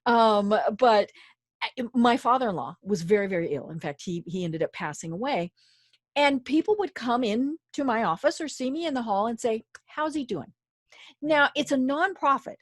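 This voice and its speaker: A woman host chatting and telling a personal story, animated and quick to laugh. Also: a little high, no echo, studio quality. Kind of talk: conversational storytelling.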